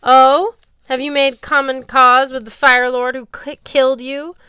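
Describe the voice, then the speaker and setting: A woman's voice: high-pitched, little pitch movement, unhurried, smooth, dry recording, voice pushed up. A woman voicing a fierce, hot-tempered Valkyrie leader who barks threats and orders. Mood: furious. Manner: shouting, imperious threats.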